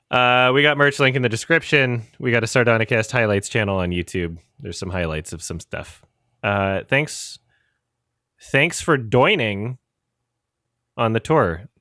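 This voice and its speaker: A man's voice: medium pitch, measured pace, long pauses, sharp tone, no room sound, clean studio sound. A man co-hosting a podcast, sarcastic and laughing often, with frequent swearing as he reads out plugs. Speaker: podcast co-host. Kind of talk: casual podcast chat.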